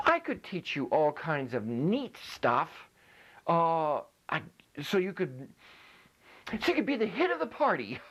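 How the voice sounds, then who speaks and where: A man's voice: a little high, wildly swooping pitch, unhurried, a bit bright, husky. A man giving a playful comic lecture, joking while he demonstrates ventriloquism with food in his mouth.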